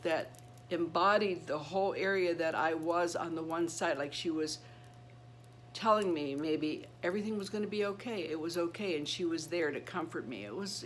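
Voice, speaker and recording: A middle-aged woman telling a personal story to her channel. She speaks earnestly and haltingly, with many restarts and repeated words. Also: fairly low pitch, a little hiss or hum. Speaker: channel host.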